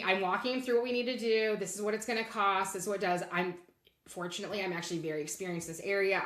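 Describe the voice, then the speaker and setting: A middle-aged woman telling a work story as a guest in a podcast interview, candid and animated, acting out bits of dialogue. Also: on the low side, reverberant. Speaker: guest, legal operations leader.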